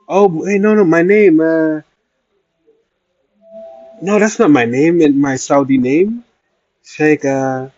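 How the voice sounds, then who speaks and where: A man with a slightly high, darkish voice chats playfully on a casual livestream while traveling in Iraq, answering questions from viewers' comments. The sound is lo-fi with no echo.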